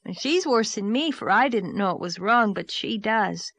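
A woman's voice: medium pitch, expressive, moderate pace, a bit bright, pitched above the performer's own voice. A woman voicing a blunt, aggrieved six-year-old boy in a storybook reading. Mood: indignant. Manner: childish, plaintive, matter-of-fact.

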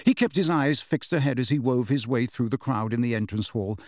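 A man reading a story aloud as an audiobook narrator, steady and measured. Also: medium pitch, dry recording, clean studio sound.

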